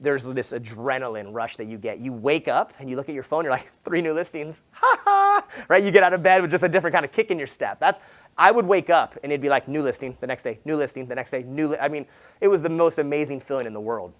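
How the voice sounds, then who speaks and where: A man's voice: mid-range voice, fast. A man, a real estate agent, giving a motivational talk at a sales summit. He tells stories casually, acts out conversations and swears along the way. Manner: animated, acts out conversations in quoted voices; casual and slangy, swears, says dude. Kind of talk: motivational conference talk, storytelling.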